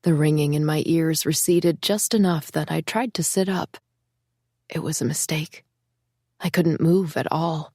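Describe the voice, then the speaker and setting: A woman reading a first-person thriller audiobook in an emotional, hushed storytelling voice. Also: deep voice, steady tone, unhurried, dry recording, studio quality. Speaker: audiobook narrator.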